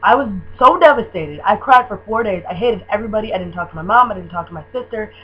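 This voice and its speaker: A young woman from Michigan gushing about a band she loves in a casual video, with lots of "um" and "like" and excited rambling. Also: mid-range voice, quick pace, slightly rough. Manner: gushing, excitable, filler-heavy fan talk. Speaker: vlogger. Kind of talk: casual fan tag video. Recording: dull lo-fi webcam audio with faint hum.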